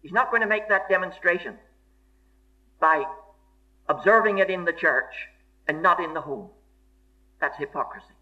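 A man's voice: high voice, moderate pace, pauses often, pushed and bright. A man preaching a sermon in an earnest, emphatic way, repeating key phrases for stress. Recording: dull lo-fi sermon recording.

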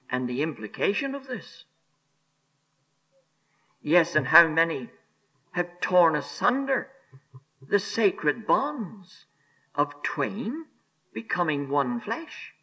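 A man preaching a sermon on scripture, emphatic and deliberate, repeating key phrases and sinking to a hushed near-whisper on solemn words. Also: a little high, sing-song, poor audio. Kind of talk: expository sermon.

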